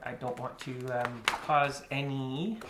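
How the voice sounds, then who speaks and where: A man's voice: mid-range voice, fairly even intonation, takes it slowly. A man giving casual, rambling commentary while unboxing a board game, with lots of fillers and asides. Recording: echoey room with faint noise.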